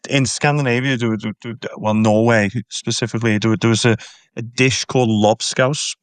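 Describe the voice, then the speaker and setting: Liverpool tour guide, Scouse accent, clean and crisp, close and dry, eager and chatty. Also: male voice, medium pitch, fairly even intonation, normal speed, dry recording. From Liverpool, England. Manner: enthusiastic, repeats words while explaining. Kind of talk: casual interview storytelling.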